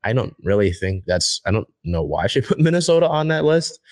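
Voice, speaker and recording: Low-voiced man hosting a sports talk show. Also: big pitch swings, fairly quick, darkish tone, dry recording. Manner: rambling, many fillers and restarts.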